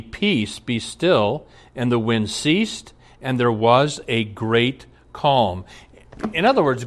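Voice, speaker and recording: Erzählender Prediger, eindringlich. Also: male voice, medium pitch. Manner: storytelling, emphatic, frequent laughs. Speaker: pastor. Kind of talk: sermon.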